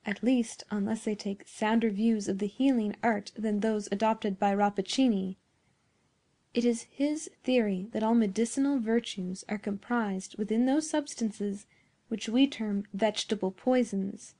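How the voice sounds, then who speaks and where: A woman reading a classic story aloud in a measured, formal narration. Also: medium pitch, steady tone, mellow. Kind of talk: scripted narration.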